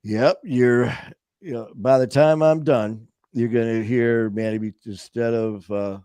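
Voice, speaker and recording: A man's voice: mid-range voice, fairly even intonation, measured pace, dark tone, clear, resonant tone, no room sound. Casting: male talk host from Michigan, rambling and jokey, dry close studio mic. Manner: rambling, stop-start, jokey. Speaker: show host. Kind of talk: casual chat.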